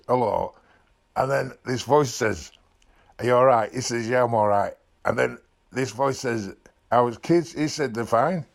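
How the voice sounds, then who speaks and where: A talking animal with a Yorkshire accent spins everyday tall tales in a medium-low voice, as a man dubs it. He drops his voice quietly for asides and then picks it back up for the punchline. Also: creaky. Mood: storytelling. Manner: blokey storytelling, drops down for asides. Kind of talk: dubbed comic voice-over.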